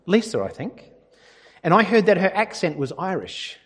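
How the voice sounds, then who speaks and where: A man's voice: high-pitched, very animated, normal speed, husky. A man preaching a conversational, anecdotal sermon in a reverberant church hall. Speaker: pastor.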